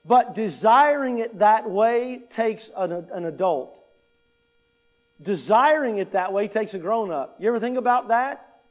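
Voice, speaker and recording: A man with a high-pitched voice delivers a conversational sermon from a church pulpit. He leans on repetition, asking his listeners questions and restating each point. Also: animated, measured pace, dull audio. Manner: conversational, emphatic repetition, acts out quoted attitudes. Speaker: preacher.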